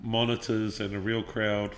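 Animated New Zealand man telling stories. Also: on the low side, moderate pace, clean tone. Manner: animated storyteller, swears freely, laughs often. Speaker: podcast guest, musician. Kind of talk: casual interview storytelling.

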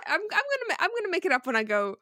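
A woman's voice: very high-pitched, huge pitch swings, very fast, bright, forceful tone, no echo, studio quality. A woman playing a tabletop game, joking and swearing playfully. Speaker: player. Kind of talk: casual tabletop play.

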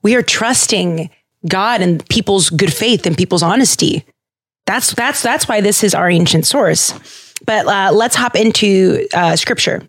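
A woman hosting a podcast, retelling a story in a casual, playful and animated way, with jokes and restarts. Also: mid-range voice, measured pace. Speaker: podcast host.

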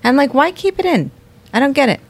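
A woman co-hosting a casual chat, agreeable and quick to chime in with reactions. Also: high-pitched, very animated.

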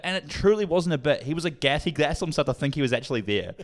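Young aussie guy rambling thru a story fast, voice jumping all over, swears a lot. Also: on the high side. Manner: animated, swearing, laughs a lot, acts out quotes. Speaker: podcast co-host. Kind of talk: casual chat, storytelling.

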